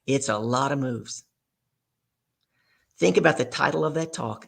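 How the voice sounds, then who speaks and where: A middle-aged woman guest telling an animated story in an interview, acting out dialogue as she goes. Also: very deep voice, measured pace, vocal fry, long pauses, slightly rough. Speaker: guest speaker.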